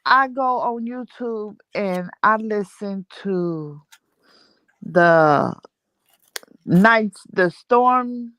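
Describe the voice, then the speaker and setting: A woman chatting casually as a guest on a livestream, relaxed and easygoing with short answers. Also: medium pitch, very slow, clean tone, no room sound. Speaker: guest, host's cousin.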